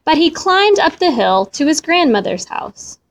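A woman reading a children's storybook aloud in a slow, expressive way. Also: sits high.

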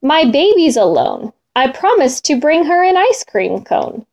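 A hurried tiger brushes off a plea in a children's storybook, as a woman puts it on. The voice is high and lively. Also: heavily acted. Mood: dismissive. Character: hurried tiger refusing to help.

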